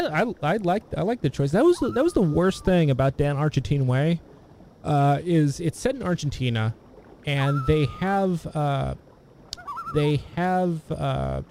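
A man's voice: on the high side, darkish tone, slight background noise. A man chatting casually about old films, rambling with many restarts and fillers. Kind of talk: casual film discussion.

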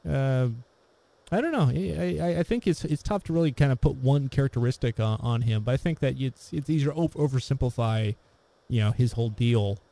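A man's voice: mid-range voice, fairly quick, gravelly, warm tone. A man in casual conversation, talking at length with many fillers and restarts. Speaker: podcast co-host discussing films. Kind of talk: casual chat.

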